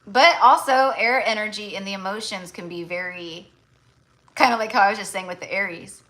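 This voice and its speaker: A woman's voice: mid-range voice, a little fast, bright, forceful tone, rough recording. A woman tarot reader in casual livestream chat, blunt and chatty, full of fillers.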